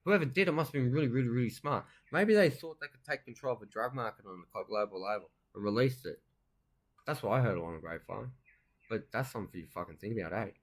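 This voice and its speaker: A man with a loud, ranting way of talking, swearing through crude casual banter and jokes as co-host. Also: medium pitch, fast.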